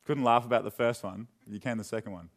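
A young man preaching a sermon in a church, chatty and joking, then dropping into quiet, earnest questions. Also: lowish voice, fairly even intonation, fast. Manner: conversational and joking, with sudden drops to quiet earnestness. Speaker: pastor. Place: church hall.

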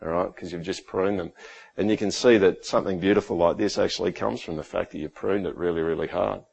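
A man in his thirties preaching a sermon in a church hall, animated and joking, acting out stories with sudden jumps in voice. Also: low voice, quick pace, creaky, husky. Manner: animated, jokey, acts out his son's lines. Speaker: pastor.

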